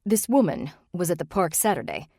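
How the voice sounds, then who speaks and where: A woman voicing a wary male office worker who asks blunt, probing questions, her voice low and dry. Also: sing-song, brisk, warm tone, slightly rough, no room sound, full character voice. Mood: suspicious.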